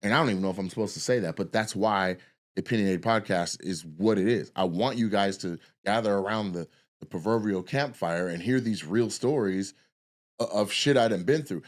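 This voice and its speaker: Fairly quick and on the low side, this man's voice belongs to a comedian and podcast host in his forties. He tells a long, casual, profane story that rambles, and he acts out the people he quotes.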